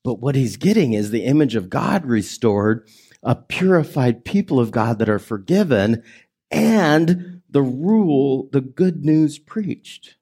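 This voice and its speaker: A man preaching a sermon as pastor, conversational and emphatic, swinging between raised and hushed delivery and drawing the congregation in with questions. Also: medium pitch, expressive, a little slow, slightly rough. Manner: conversational preaching with audience prompts.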